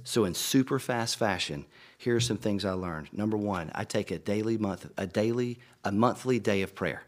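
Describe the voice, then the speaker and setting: A man's voice: lowish voice, normal speed. A middle-aged man, a pastor, preaching earnestly to fellow pastors in a conversational storytelling way, often repeating words.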